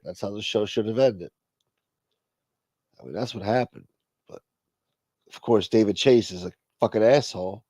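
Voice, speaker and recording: A man's voice: mid-range voice, warm tone, no room sound. A man hosting a live stream, chatting casually with viewers and telling a rambling, profane story.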